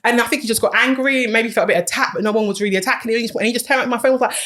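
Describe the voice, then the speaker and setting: A woman's voice: fairly high pitch, expressive, rapid-fire, few pauses, fairly bright tone, slight background noise. A woman hosting a podcast, telling stories animatedly with slang and laughter in casual chat. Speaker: podcast host.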